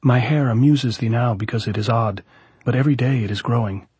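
A man with a husky voice reading the part of an eager, adoring young woman in an audiobook, in earnest, old-fashioned speech. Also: mid-range voice, fairly quick, a little mellow, no room sound.

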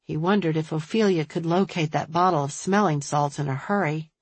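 A woman narrating a novel in an even, measured reading voice. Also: low voice, husky, dry recording. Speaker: audiobook narrator. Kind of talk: scripted narration.

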